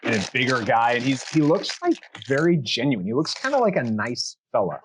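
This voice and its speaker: A man narrating a tabletop game as dungeon master, setting scenes in a relaxed, rambling way. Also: medium pitch, fairly quick, slight background noise, low-quality recording.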